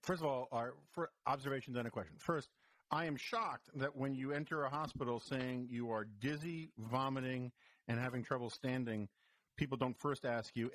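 A man in a loose conversation who cuts in with mock-serious questions. His jokes are teasing and deadpan, and his pitch sits in an ordinary middle range. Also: normal speed. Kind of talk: casual chat.

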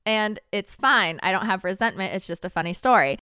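A woman's voice: medium pitch, expressive, fairly quick, bright, forceful tone, clear, resonant tone, no echo, clean studio sound. A young adult woman co-hosting a podcast, telling a story in casual chat with frequent laughs and snarky asides. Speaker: podcast co-host.

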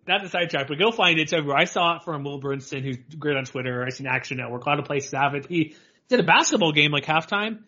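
A man co-hosting a podcast, talking sports in a rambling, animated way and laughing often. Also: on the high side, fast. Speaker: podcast co-host. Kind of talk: casual sports chat. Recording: dull lo-fi audio.

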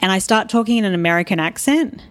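A woman's voice: mid-range voice, expressive, quick pace. An Australian woman speaking as an interview guest, telling stories candidly and with animation. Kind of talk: casual interview talk.

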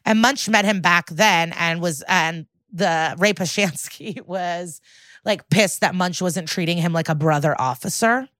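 Young woman podcast host, casual recap, lowish voice, dry close mic. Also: unhurried, dry recording. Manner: animated storytelling, quotes characters, swears and laughs.

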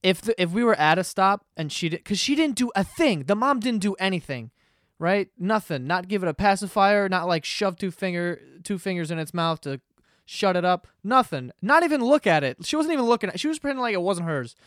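A man's voice: high-pitched, lively intonation, brisk, a bit bright, no room sound, clean studio sound. Profane rambling New man. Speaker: podcast host. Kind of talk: casual comedic monologue.

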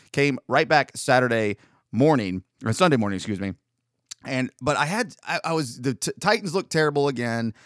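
Male podcast host, mid-pitched, rambling self-correcting delivery, dry close mic. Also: clear, resonant tone, no echo. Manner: rambling, self-correcting, profane when retelling. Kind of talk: casual storytelling monologue.

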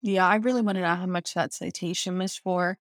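A woman's voice: on the low side, fairly even intonation, fairly quick, dry recording. Woman co-host, casual chat, wry and teasing, dry sound. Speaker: podcast co-host.

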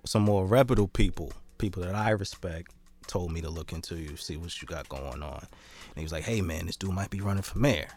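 A man hosting a podcast in a studio, talking loosely and joking, and rattling off plugs quickly. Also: low-pitched, darkish tone. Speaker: podcast host. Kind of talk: casual podcast chat. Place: recording studio.

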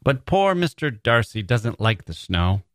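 A man doing a brisk, teasing older aunt. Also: lowish voice, lively intonation, dry recording, clean studio sound.

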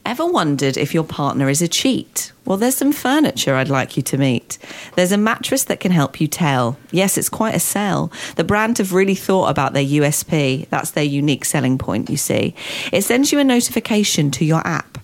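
Woman radio host, lively pitch, low-set voice, playful, theatrical, faint music behind. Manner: playful, theatrical, quick to laugh. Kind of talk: casual radio chat.

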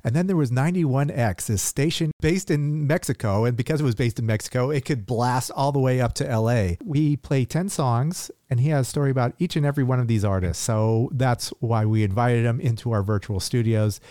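A man's voice: medium pitch, brisk, few pauses, warm tone, dry recording, clean studio sound. A man co-hosting a music podcast, playful and chatty. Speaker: podcast co-host. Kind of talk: casual podcast chat.

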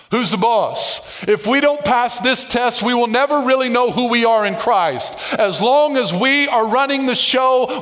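Pastor, male, high-pitched; dynamic sermon delivery, joking and then shouting for emphasis. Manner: dynamic, swings from soft asides to shouted emphasis; playful, with humorous asides and call-outs to the congregation.

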